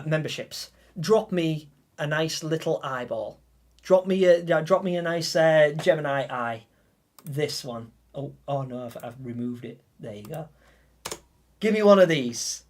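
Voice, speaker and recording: Male streamer, slightly high voice, heartfelt, stammering, emotional, chatting live to viewers. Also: measured pace. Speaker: gaming livestreamer.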